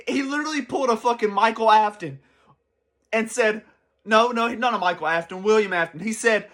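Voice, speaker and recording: A young man giving casual, excitable commentary as a channel host, rambling and swearing freely. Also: sits high, normal speed.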